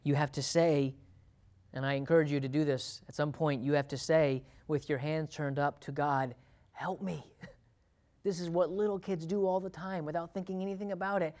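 A man's voice: steady tone, moderate pace, a little mellow. Man preaching a chatty Bible sermon. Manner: conversational, laughs often, acts out quotes with rising pitch.

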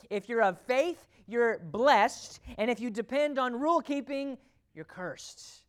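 A preacher addressing a congregation in a sermon, voice sitting in a middle pitch. The delivery is emphatic, full of rhetorical questions, dropping to near-hushed lines and rising again. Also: lively intonation, a little slow. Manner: emphatic, rhetorical questions, swings between loud and quiet. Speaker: pastor.

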